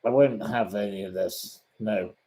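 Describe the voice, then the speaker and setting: A man's voice: on the low side, a little slow, dark tone, poor audio. A man answering viewer questions in a casual chat, blunt, defensive and indignant. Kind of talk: casual live-stream chat.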